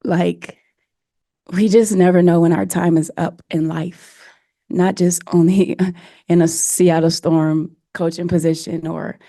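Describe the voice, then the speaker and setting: Low, dark-voiced woman coach. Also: gravelly, no echo, clean studio sound. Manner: earnest, emotional, with many fillers. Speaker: head coach. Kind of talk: press conference answers.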